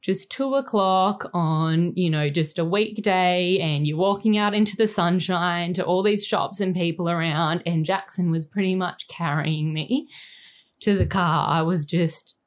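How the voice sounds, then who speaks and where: A woman in her thirties with an Australian accent, telling a painful personal story in a candid, halting and emotional way, full of fillers. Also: lowish voice, steady tone. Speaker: guest sharing a personal story.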